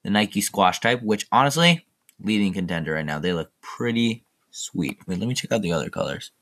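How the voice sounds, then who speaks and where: A man's voice: fairly low pitch, animated, a little fast, fairly bright tone. A teenage boy hosting his own podcast, rambling through jokey, chatty asides in a casual solo monologue. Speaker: podcast host.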